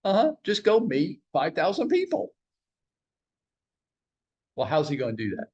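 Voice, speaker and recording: Brief: man, slightly higher voice, joking sales trainer in a meeting room, quizzing the team. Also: wildly swooping pitch, measured pace, a little mellow, slightly rough, highs cut off. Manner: teasing, joking, fires rhetorical questions at the room. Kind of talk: live training talk to a room.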